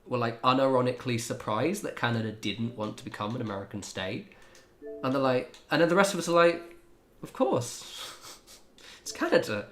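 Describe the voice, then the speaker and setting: A man's voice: mid-range voice, a little fast, fairly bright tone, a little hiss or hum. A man chatting casually to his viewers while he plays a game on a livestream, laid-back, laughing often and swearing freely. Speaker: game streamer.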